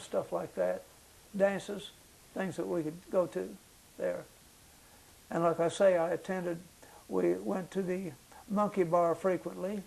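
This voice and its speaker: An older man, a veteran, recounting his memories in an oral history interview, pausing often with fillers as he searches for details. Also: high voice, creaky, darkish tone, rough recording. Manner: halting recollection with many fillers.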